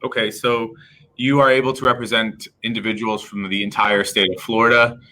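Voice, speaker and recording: A man's voice: fairly low pitch, little pitch movement, a little fast, pushed and bright, rough recording. A man hosting an interview, asking long rambling questions with fillers. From Palestinian background. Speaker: host, interviewer. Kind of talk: casual interview talk.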